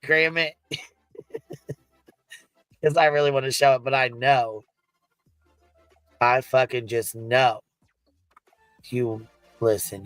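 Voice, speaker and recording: A foul-mouthed male streamer who keeps breaking into laughter mid-sentence. His voice sits at an ordinary middle pitch. It sounds dry and close, with faint music underneath. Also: a bit bright, no echo, poor audio. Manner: profane, laughing through his words. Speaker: live streamer. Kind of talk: casual streaming commentary.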